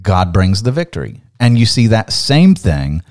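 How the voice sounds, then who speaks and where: A man's voice: lowish voice, big pitch swings, measured pace, darkish tone. A man co-hosting a podcast, teaching the Bible in an emphatic, building way and reading scripture aloud.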